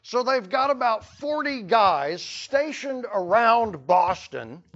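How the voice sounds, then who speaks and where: A man's voice: very high-pitched, big pitch swings, slow pace, fairly bright tone, lo-fi sound. A man teaching a history lesson to a class, telling the story with playful asides. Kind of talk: classroom lecture.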